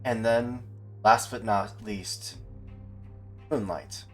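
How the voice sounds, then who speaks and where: A man with a lowish voice runs a tabletop game, narrating scenes and nudging his players along. Faint music plays quietly behind him. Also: steady tone, extremely slow. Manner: encouraging, descriptive narration. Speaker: game master.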